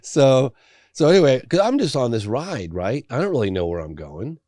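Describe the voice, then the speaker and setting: A middle-aged man, a documentary filmmaker, telling a story as a guest in a podcast interview, animated and loose with fillers. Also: lowish voice, a little fast, no room sound, studio quality.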